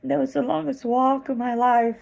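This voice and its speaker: A woman earnestly retelling a vivid dream in a slow, halting way, close to tears at times. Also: high voice, steady tone, vocal fry, a little mellow, low-quality recording. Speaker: vlogger telling a dream. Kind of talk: personal storytelling.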